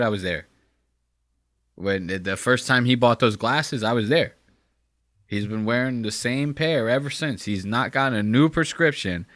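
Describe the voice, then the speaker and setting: Bright-voiced man reacting with profane riffs. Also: lowish voice, no room sound, studio quality. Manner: profane, animated, riffing. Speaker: commentary host. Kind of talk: reaction commentary.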